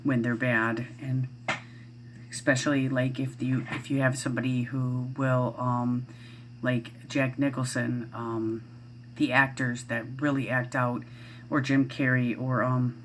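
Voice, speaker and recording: A woman's voice: very deep voice, flat delivery, unhurried, slight background noise. A middle-aged woman vlogging at home, chatting casually in a rambling way with lots of fillers and restarts. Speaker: parent vlogger. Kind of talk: casual chat to camera.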